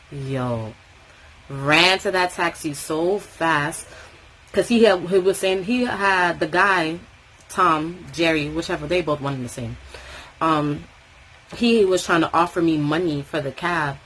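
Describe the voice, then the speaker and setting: A young woman from Tobago telling a story in casual vlog chat, animated and swearing freely. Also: lowish voice, slow, low-quality recording. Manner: animated, swearing freely, acting out quoted voices.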